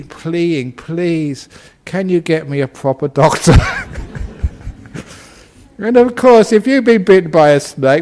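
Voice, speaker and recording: Give me a chuckling man telling a humorous story in a dharma talk. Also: sits high. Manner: chuckles often at his own story; relaxed, conversational, frequent "you know". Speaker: Buddhist monk and teacher.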